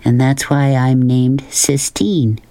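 A man voicing a fierce, bold young girl in a storybook reading, slow and insistent. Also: mid-range voice, fairly even intonation, dark tone. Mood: wistful.

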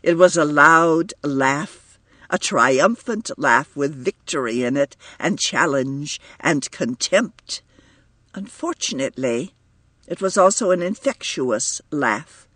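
A man reading a story aloud as narrator, measured and expressive. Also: fairly high pitch, dry recording. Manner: measured, lively intonation. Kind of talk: audiobook reading.

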